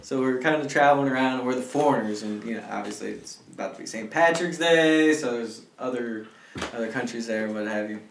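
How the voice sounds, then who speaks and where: A man who is a podcast guest, telling a travel story in a relaxed way with dry wisecracks. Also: mid-range voice, fast, creaky, echoey room, distant mic, background noise. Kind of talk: casual chat, storytelling.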